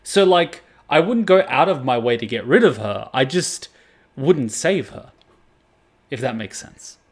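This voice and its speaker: A young man hosting an anime reaction video, chatting casually with plenty of swearing and sudden loud outbursts. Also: medium pitch, measured pace, slightly rough. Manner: profane, animated, breaks into loud outbursts.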